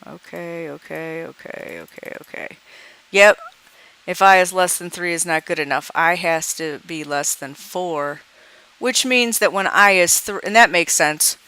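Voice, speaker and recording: A woman's voice: lowish voice, a little slow, pushed and bright, smooth, no echo. A woman walking through a coding example in a screencast tutorial, thinking aloud as she debugs and reads out dialog lines. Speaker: programming teacher.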